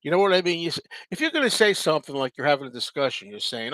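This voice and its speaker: A man's voice: fairly high pitch, big pitch swings, very fast, few pauses, sharp tone. Guy chatting on his stream, repeats himself a lot, rambly, no room echo at all. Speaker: host answering viewer comments. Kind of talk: casual live chat.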